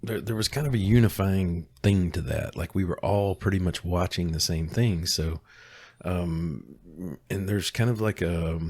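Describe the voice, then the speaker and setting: A man's voice: sits low, measured pace, a little mellow, husky, no echo. A middle-aged man co-hosting a podcast in casual chat, hesitant and full of restarts and fillers. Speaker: podcast co-host.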